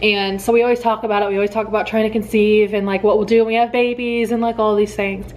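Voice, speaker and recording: A young woman in her twenties telling a personal story to camera in an excited, chatty way, full of quoted thoughts and fillers. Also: medium pitch, quick pace, poor audio. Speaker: vlogger.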